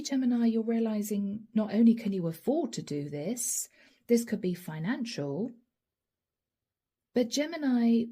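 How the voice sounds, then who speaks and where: Tarot reader, woman, mellow husky voice, earnest and emotional, slips into whispers. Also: fairly high pitch. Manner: earnest, emotional, addresses viewers directly; drops to soft whispers. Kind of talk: channeled tarot reading.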